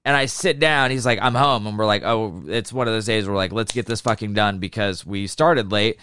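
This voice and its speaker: A man's voice: lowish voice, fairly quick, a little hiss or hum. A young man co-hosting a podcast, chatting casually and ranting with lots of swearing. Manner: profane, animated ranting. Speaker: podcast co-host. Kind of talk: casual chat.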